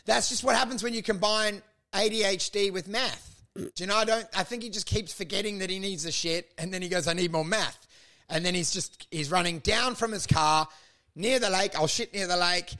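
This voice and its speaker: Male podcast co-host, high voice, fast comedic riffing, plays characters in his bits. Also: sharp tone. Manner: riffing, acts out mock dialogue in silly voices. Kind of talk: casual comedic banter.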